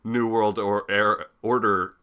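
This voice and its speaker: A man's voice: lowish voice, fairly even intonation, takes it slowly, pushed and bright, clear, resonant tone. A man co-hosting a casual podcast, easygoing and laughing often between remarks. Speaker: podcast co-host. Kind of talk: casual chat.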